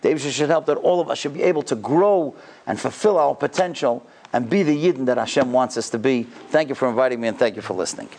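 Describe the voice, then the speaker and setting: A middle-aged man giving a speech to a yeshiva, telling a story with animated delivery. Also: quick pace. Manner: animated storyteller, voice climbing high in retold dialogue. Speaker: guest speaker at a yeshiva.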